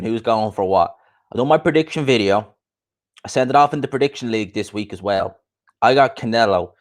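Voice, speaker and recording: A young man hosts a relaxed boxing livestream, talking casually and repeating shout-outs to his chat. His voice sits at a medium pitch. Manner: chatty, repetitive shout-outs. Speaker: boxing podcast host.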